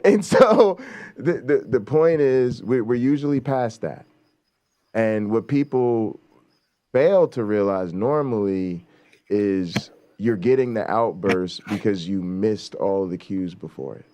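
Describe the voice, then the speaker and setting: This talk show host speaks slowly in a fairly low, dark, expressive male voice. His casual commentary is blunt and emphatic, full of free swearing and frequent rhetorical "right?" check-ins.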